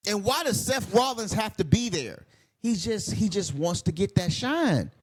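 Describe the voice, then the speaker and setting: Vlogger, male, heated profane rant, high voice that swings widely. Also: big pitch swings, measured pace. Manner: heated, profane, rambling and repetitive. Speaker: wrestling commentary vlogger. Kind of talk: casual ranting video commentary.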